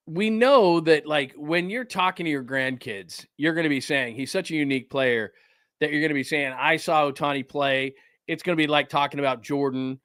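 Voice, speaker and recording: A man's voice: mid-range voice, a bit bright, no room sound, studio quality. A middle-aged man hosting a casual live sports show from home, rambling and reacting to a game as he watches it.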